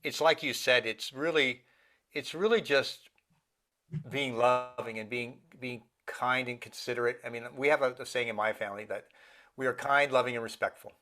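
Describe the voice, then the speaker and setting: A man's voice: mid-range voice, moderate pace, sharp tone. A middle-aged man speaking earnestly in a casual interview, now and then acting out the voices of people he quotes. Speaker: guest, meditation teacher.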